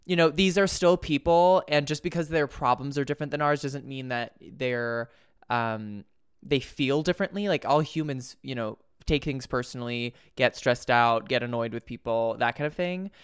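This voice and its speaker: A man chatting animatedly as a comedian guest on a podcast, with many quick restarts. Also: mid-range voice, clean tone. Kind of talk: casual chat.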